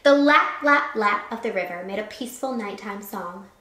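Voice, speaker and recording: With a mid-range voice and moderate pace, a teacher reads aloud from a picture book for a group of children. She is animated and expressive, offering little asides as she goes. The room lends the recording a roomy echo.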